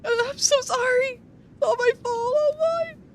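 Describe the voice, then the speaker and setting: A woman's voice: very high voice, measured pace, slight background noise, voice pushed up. A woman playing a sobbing, guilt-ridden young man. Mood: pleading. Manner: pleading, apologetic, sobbing. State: crying.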